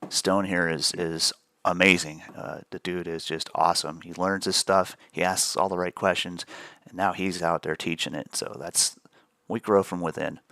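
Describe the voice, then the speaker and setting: A man's voice: deep voice, fairly even intonation, normal speed, bright, forceful tone, no echo. A man hosting a live trading stream, chatting casually and rambling with repeated words and easy laughs.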